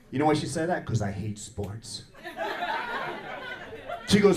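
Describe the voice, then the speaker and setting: A man's voice: medium pitch, animated, normal speed, pauses often, roomy sound. A man performing a stand-up comedy set, telling a story and acting out both sides of a quarrel. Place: comedy club stage with audience laughter.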